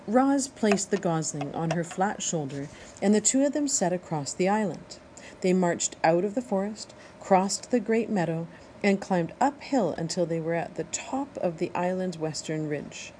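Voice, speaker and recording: A woman reading a children's novel aloud in a steady, expressive narration. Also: lowish voice, normal speed, a little hiss or hum, low-quality recording. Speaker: audiobook reader. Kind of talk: storybook read-aloud narration.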